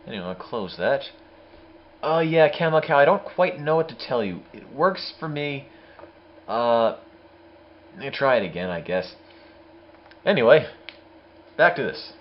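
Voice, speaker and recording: A man's voice: mid-range voice, very animated, unhurried, pauses often, lo-fi sound, slight background noise. A man streaming a game, giving casual, sarcastic commentary. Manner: sarcastic, joking.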